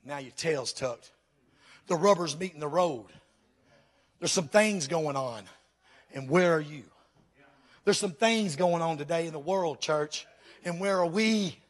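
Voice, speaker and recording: A man's voice: fairly high pitch, a little slow, pauses often. A pastor preaching a fervent sermon to his church, firing questions at the congregation.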